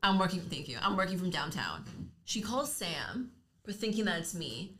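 A young woman co-hosts a podcast in a loose, casual chat. Her voice sits a little low, and she is blunt and swears freely while retelling stories. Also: big pitch swings, moderate pace, fairly bright tone. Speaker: podcast co-host.

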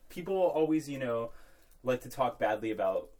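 A man's voice: mid-range voice, animated, normal speed, dark tone. A young man co-hosting a college podcast, telling rambling, joking stories before turning to sports. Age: young adult. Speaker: podcast co-host. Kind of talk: casual college sports chat.

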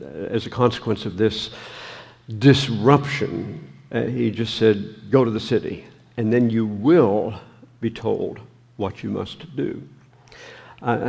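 A man preaching a sermon, reading scripture and reflecting on it slowly, with many pauses and ums. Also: fairly low pitch, gravelly, darkish tone, slightly rough.

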